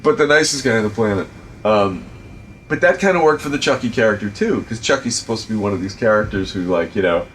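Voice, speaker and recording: A man in middle age speaks with a thick Providence accent in a fairly low voice. He chats casually as a show host, animated and a bit profane, piling up fillers and acted-out dialogue. A faint noise sits under the recording. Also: fast. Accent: Rhode Island (Providence). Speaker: podcast host and film director. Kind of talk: casual storytelling chat.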